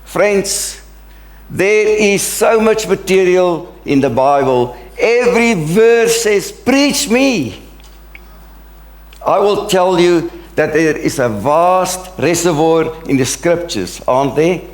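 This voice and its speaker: A man's voice: on the high side, slow pace, echoey room. A middle-aged man, a pastor, preaching a sermon in an earnest, emphatic way. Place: church sanctuary.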